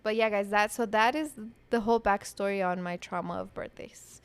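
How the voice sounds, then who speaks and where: A woman's voice: mid-range voice, steady tone, brisk, clear, resonant tone. A young woman co-hosting a podcast, chatting casually and telling stories with lots of fillers and laughs. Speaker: podcast co-host. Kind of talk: casual chat.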